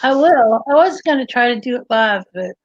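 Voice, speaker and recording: A woman's voice: a little high, lively intonation, moderate pace, dry recording. A woman hosting a casual livestream, chatty, giggly and rambling, on dry, slightly dull audio. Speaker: livestream host.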